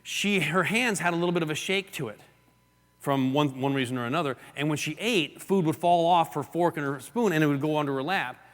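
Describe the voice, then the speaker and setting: Man, seminar speaker, animated storyteller, slightly high voice, long hall reverb. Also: fairly quick. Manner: animated storyteller, acts out gestures and quotes. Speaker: real estate seminar speaker. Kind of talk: live seminar talk to an audience.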